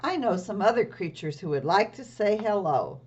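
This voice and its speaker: A woman's voice: mid-range voice, sing-song, moderate pace, a little mellow, lo-fi sound, slight background noise, pitched above the performer's own voice, lightly acted. A woman voicing a friendly, welcoming mother in a storybook read-aloud, stretching her words out.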